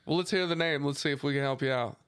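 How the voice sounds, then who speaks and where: A man hosts a podcast with a smooth, clear, slightly high voice, joking easily as he steers the talk. He sits close to a dry studio mic with no room sound. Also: fast talker, fairly bright tone, dry recording. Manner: joking, easygoing interviewer. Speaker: podcast host. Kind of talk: casual chat.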